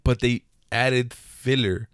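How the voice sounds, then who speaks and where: A man's voice: mid-range voice, steady tone, slow, fairly bright tone, smooth, no room sound, clean studio sound. A man co-hosting a casual chat about movies, blunt and full of swearing. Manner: profane, blunt, emphatic. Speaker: podcast co-host.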